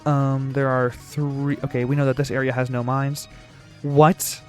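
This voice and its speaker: A man's voice: medium pitch, little pitch movement, a little slow, faint music behind. A man giving let's-play commentary on a puzzle game, talking to the game and repeating short phrases. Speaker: gaming YouTuber.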